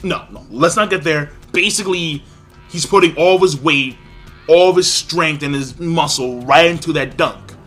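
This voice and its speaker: A man giving a casual, excitable spoken review, acting out characters' lines with big jumps in pitch. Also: normal speed, faint music behind. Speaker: anime reviewer.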